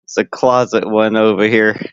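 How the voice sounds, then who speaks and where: A man's voice: lowish voice, flat delivery, moderate pace, clear, resonant tone, dry recording. A man streaming casually, rambling crudely with lots of fillers and frequent laughs. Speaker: live streamer. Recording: dull lo-fi stream audio.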